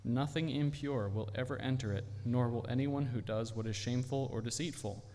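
A man reading a scripture passage aloud in a measured way. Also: mid-range voice, dark tone. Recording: long hall reverb.

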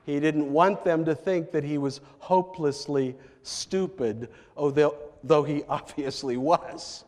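In a church sanctuary's long echo, a pastor delivers a sermon, unhurriedly telling a story with emphatic rises. His voice sits a little high, with a darkish tone.

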